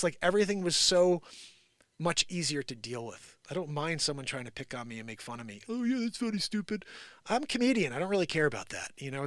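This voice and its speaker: Bright, animated livestream host with New Jersey accent. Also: male voice, fairly high pitch, no echo, clean studio sound. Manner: animated storytelling, acts out quoted voices, swings from loud to hushed. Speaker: live show host. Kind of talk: casual livestream monologue.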